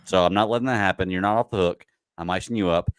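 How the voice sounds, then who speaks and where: A man's voice: low voice, fast, smooth, no echo. A man co-hosting a sports podcast, bluntly ranting in casual chat. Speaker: podcast co-host.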